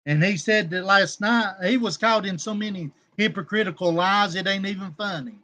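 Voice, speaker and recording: Guy on a livestream, high voice, rambling and cussing, picks fights, shouts out his chat. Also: moderate pace. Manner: rambling, combative, coarse, shouting out viewers by name. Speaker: livestream host. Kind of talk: casual livestream talk to chat viewers.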